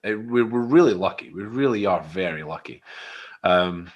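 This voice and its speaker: A man's voice: low-pitched, expressive, moderate pace, highs cut off. A Scottish man hosting a casual interview, friendly and conversational. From Scotland. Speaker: interview host. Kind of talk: casual chat.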